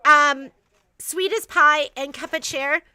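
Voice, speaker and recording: A woman's voice: sits high, takes it slowly, pushed and bright, no room sound. A woman hosting a casual store livestream, chatting in a rambling way with lots of fillers and restarts.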